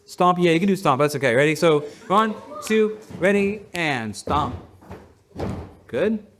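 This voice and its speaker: Playful high-voiced pastor counting in a crowd. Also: male voice, lively intonation, unhurried, a bit bright, a little hiss or hum. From United States. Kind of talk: leading a congregation in a rhythm game. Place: church hall with a congregation.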